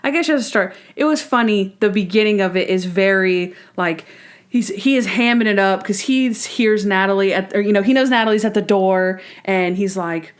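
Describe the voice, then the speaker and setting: A woman's voice: mid-range voice, clean tone. A young woman co-hosting a podcast, chatting casually about a TV episode. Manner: chatty, acts out the scenes in quick put-on voices. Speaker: podcast co-host. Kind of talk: casual chat recapping a TV episode.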